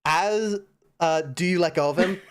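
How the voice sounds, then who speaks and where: A man's voice: sits high, normal speed, clear, resonant tone. A man narrating a tabletop game as game master, in casual speech full of fillers.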